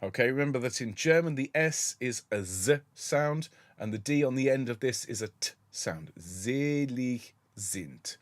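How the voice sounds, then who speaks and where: A man leading a choir rehearsal, explaining the music in a gentle, encouraging way. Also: medium pitch, animated, normal speed, dry recording. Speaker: choir director.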